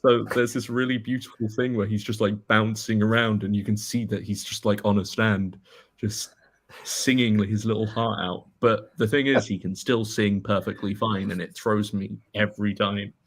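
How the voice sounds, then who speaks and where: Low-voiced man telling loose stories. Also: steady tone, normal speed. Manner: loose storytelling, many "like"s. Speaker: podcast co-host. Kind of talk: casual chat.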